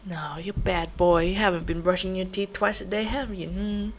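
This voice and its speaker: Woman as a fussy lady dentist, whispered role-play, soft, halting delivery, gently scolding. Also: lowish voice, steady tone, a little hiss or hum, close to an everyday voice. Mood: teasing. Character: scolding female dentist checking a patient's teeth.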